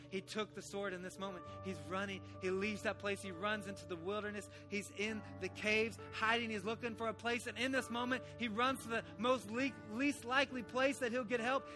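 High bright-voiced guy preaching, acting out the bible characters, soft music behind. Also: moderate pace. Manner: animated storytelling with voiced characters. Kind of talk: sermon.

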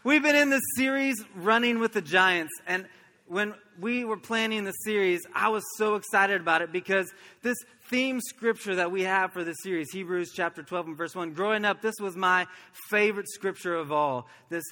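Man, pastor, from Oklahoma, earnest storytelling sermon, tense bright tone, long hall echo. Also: high voice, moderate pace. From Oklahoma, USA.

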